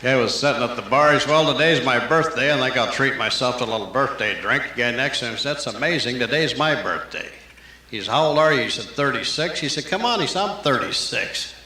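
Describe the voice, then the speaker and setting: A man performing live stand-up, telling rapid-fire jokes and popping into character voices. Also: mid-range voice, sharp tone. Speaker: stand-up comedian. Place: live comedy venue. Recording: roomy live club tape with hiss.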